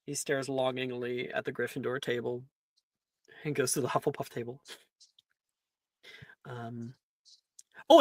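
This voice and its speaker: A game master narrating a tabletop role-playing game in a relaxed way, often laughing and clearing the throat. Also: medium pitch, dry recording.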